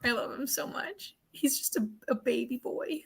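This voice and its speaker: A woman's voice: sits high, expressive, normal speed, gravelly, slightly rough. A young woman co-hosting a reading livestream, telling rambling stories with restarts, casual swearing and laughter. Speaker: readathon livestream co-host.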